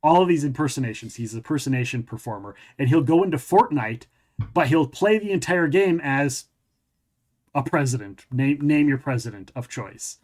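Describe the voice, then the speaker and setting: A man's voice: mid-range voice, normal speed, a little mellow. A man hosting a podcast who also runs tabletop games, telling a long rambling story that keeps looping back on itself in casual conversation. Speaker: podcast host and tabletop game master. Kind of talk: casual interview chat.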